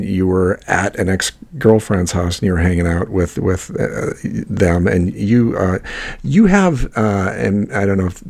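Podcast host from Iowa, low gravelly voice, halting and wry. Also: male voice, a little mellow. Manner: halting, many fillers and restarts, wry. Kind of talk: casual chat.

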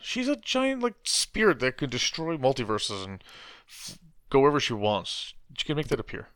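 A man's voice: medium pitch, wildly swooping pitch, normal speed, fairly bright tone, clean tone, no echo, studio quality. A man chatting casually about comics. He laughs often and gives short, agreeing replies. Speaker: comic book discussion co-host. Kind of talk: casual chat.

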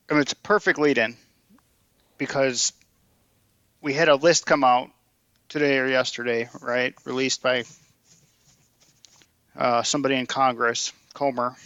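Man, podcast co-host, gravelly voice, dull dry recording, runs through facts with restarts. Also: mid-range voice, a bit bright, dry recording. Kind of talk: casual political chat.

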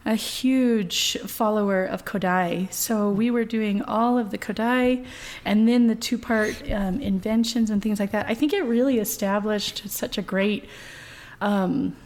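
A woman's voice: mid-range voice, a little slow, a little mellow. A woman in her thirties, a voice professor being interviewed, talking chattily with many fillers and easy laughter. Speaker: voice professor, guest. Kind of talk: conversational interview.

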